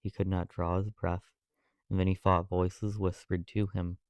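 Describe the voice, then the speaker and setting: A man reading a classic novel aloud as an audiobook narrator, measured and even. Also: low voice, no room sound.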